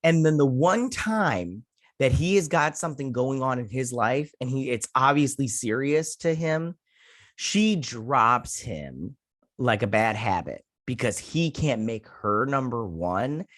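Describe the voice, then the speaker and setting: A man hosts an online show, casually retelling and reviewing a TV episode with lots of fillers and acted-out quotes, and he gets heated with his opinions. His mid-range voice is a bit bright, a little slow, and lively in intonation. The recording is clean studio quality with no room sound.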